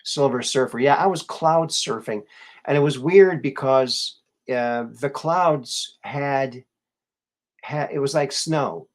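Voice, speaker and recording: A man in a mid-range voice hosts a casual live show, talking slowly and taking his time. He muses and rambles, trailing off into fillers and restarting his sentences. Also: medium pitch. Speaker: show host.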